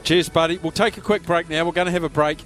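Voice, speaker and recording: An Australian man with a fairly high voice hosts a live radio call-in, reading out horses for callers. He raises his voice to be heard from a pub, and faint music runs behind him. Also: steady tone, fast talker, fairly bright tone. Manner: raised voice, talking over pub noise. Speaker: radio host.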